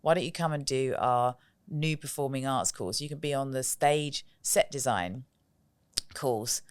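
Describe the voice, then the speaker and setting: A woman's voice: very deep voice, measured pace, smooth, dry recording, studio quality. A woman putting on a Glaswegian accent to voice a cool, blunt male college course director. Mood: persuasive.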